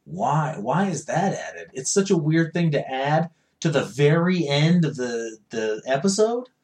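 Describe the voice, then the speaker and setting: A man co-hosting a casual podcast, profane and animated, acting out dialogue in quick bursts. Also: on the high side. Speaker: podcast co-host.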